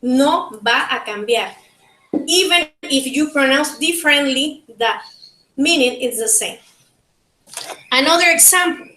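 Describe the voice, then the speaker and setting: A woman from Panama with a Panamanian Spanish accent, teaching a linguistics class and slowly repeating words to model pronunciation. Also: high voice, lively intonation, sharp tone, roomy sound, poor audio. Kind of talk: bilingual classroom lecture.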